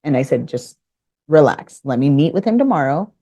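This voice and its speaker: A woman's voice: low-pitched, very animated, moderate pace, dark tone. A woman guest telling a business story in casual conversation, acting out both sides of the dialogue. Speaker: podcast guest.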